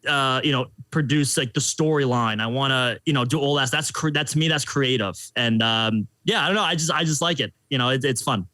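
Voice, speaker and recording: A man's voice: mid-range voice, fairly quick, hardly any pauses, pushed and bright, no echo. A young man, a guest on a podcast, chatting casually in a rambling, jokey way with many fillers. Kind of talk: casual chat.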